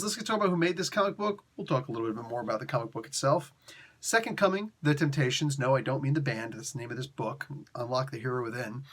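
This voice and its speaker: Excitable man reviewing comics. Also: fairly high pitch. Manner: excitable, laughing, slangy. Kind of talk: casual video review.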